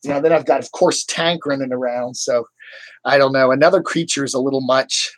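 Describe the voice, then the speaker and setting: A man's voice: medium pitch, fairly even intonation, brisk, no echo. A man chatting casually to viewers on a live stream into a webcam mic, rambling with lots of "I don't know, man".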